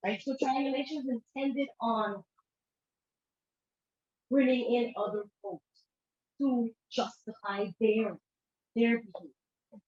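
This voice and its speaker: A woman with a fairly high voice gives a relaxed conference talk as a therapist, chatting with the audience and slipping into little acted-out quotes. Her voice carries through a roomy hall, and the recording sounds dull and lo-fi. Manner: conversational, acts out quoted dialogue with shifting voices. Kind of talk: informal lecture presentation. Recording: echoey room, dull lo-fi sound.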